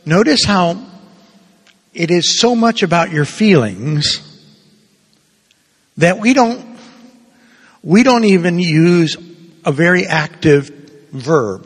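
Older man, priest, animated sermon, husky voice, slow delivery, long hall reverb. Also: fairly high pitch. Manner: animated, playful preaching with acted-out quotes.

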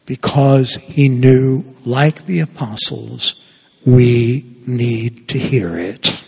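A man's voice: husky, long reverb tail. A priest telling a story in a sermon, acting out the dialogue with big swings in his voice. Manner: animated, acts out dialogue with big pitch swings.

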